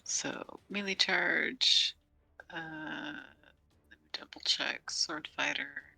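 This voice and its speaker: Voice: mid-range voice, sing-song, very slow, gravelly, bright, forceful tone, in a whisper. A player in a tabletop game, talking casually and dropping wry, joking asides.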